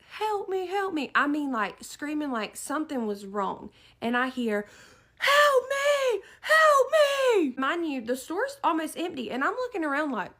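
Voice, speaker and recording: A woman tells a story in an animated, dramatic way. Her voice sits high and swings widely in pitch. The tone is bright and forceful. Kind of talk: storytime narration.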